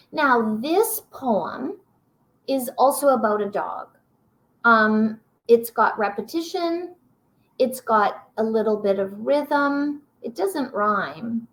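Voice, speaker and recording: A woman's voice: a little high, expressive. A woman presenting a teaching webinar, reading short poems aloud and encouraging her viewers. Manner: warm, encouraging, reads poems slowly aloud.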